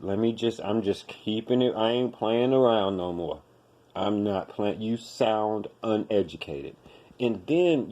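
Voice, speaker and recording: A man's voice: medium pitch, darkish tone. Man, podcast host, blunt, profane, emphatic, repeats himself. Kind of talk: ranting commentary.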